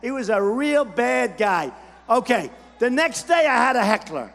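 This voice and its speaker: High-pitched older man shouting in an arena. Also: big pitch swings, unhurried, gravelly, faint music behind. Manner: repetitive, punchy, boastful, shouting over a crowd. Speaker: political candidate at a rally. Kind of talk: campaign rally speech. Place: large rally hall. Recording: long hall reverb from a big arena.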